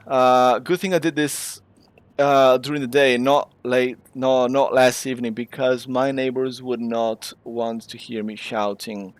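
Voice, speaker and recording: A man from Brazil, hosting and calling a sim race with excitable, exclamatory play-by-play. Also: mid-range voice, measured pace, dry recording. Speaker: race commentator and host. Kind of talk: live sim racing commentary.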